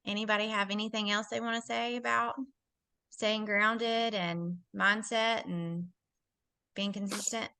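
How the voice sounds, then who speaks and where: Bright, encouraging woman leading a team meeting, driving her points home by repeating them. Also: medium pitch, fairly even intonation, a little slow, clean tone. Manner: encouraging, repetitive emphasis.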